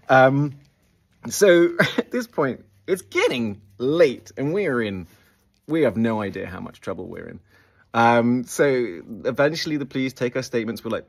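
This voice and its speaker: An English man telling a funny story from his school days in a casual, animated way, swinging his voice up and down for effect. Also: a little fast, gravelly, slightly rough. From England. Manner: animated, big swings in pitch and loudness for effect.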